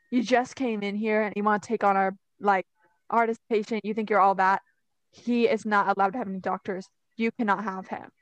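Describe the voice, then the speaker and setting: A woman voicing a harsh, stern senior nurse in a rapid, scolding tirade, retelling a story. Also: mid-range voice, no echo, lightly acted, low-quality recording.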